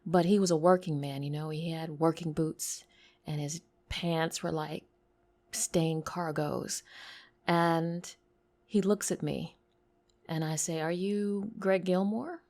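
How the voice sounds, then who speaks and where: Slow and steady in tone, a low-pitched woman with a lisp relates a personal story intimately and through tears. Her voice falls into whispers before bursting louder.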